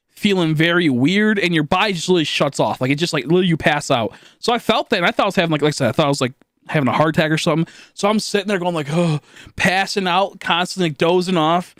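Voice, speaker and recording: A young man streaming live, telling a long story in a rambling, animated way with lots of fillers and swearing, acting out his own shouts. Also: fairly high pitch, no echo, studio quality. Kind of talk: casual storytelling to a live chat.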